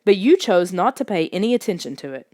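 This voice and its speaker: A woman's voice: fairly low pitch, very animated, quick pace, darkish tone, no room sound, studio quality. A woman voicing a strict, angry father who lectures his son in a firm, scolding tone.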